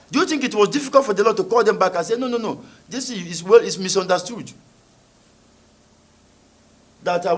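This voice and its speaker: A man's voice: a little high, a bit bright, breathy edge. A man preaching a sermon, reading scripture aloud and then expounding it with emphatic rhetorical questions. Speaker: preacher and author.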